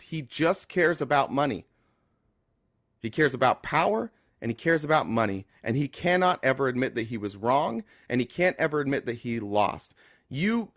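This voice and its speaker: Live-stream host, male, blunt, close dry sound, mid pitch. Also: fairly bright tone, no echo. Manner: blunt, talks to callers directly. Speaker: livestream host. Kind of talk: casual live stream chat.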